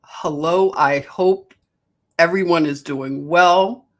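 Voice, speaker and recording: A woman's voice: fairly low pitch, takes it slowly. A woman with a Philadelphia accent hosting a casual livestream, greeting viewers by name and laughing often. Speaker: livestream host.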